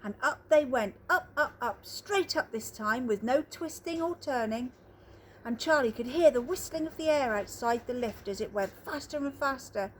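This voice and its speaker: Animated woman reading a storybook aloud. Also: high voice, normal speed, slight background noise. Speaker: reader. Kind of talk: reading a children's book aloud. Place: outdoors.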